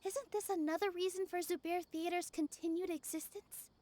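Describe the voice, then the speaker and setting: A woman reading game dialogue aloud in an earnest, steady way. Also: extremely high pitch, moderate pace.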